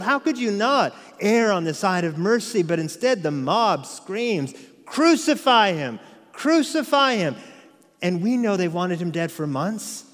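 Pastor, male, higher-pitched voice, emphatic expository preaching, with a long hall reverb behind his voice. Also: fairly bright tone. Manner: emphatic, rhetorical questions. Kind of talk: expository sermon.

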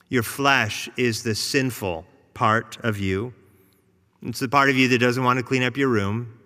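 Male pastor, sermon delivery, bright and forceful tone, long reverb. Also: mid-range voice. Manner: animated storytelling, acts out a mother and child.

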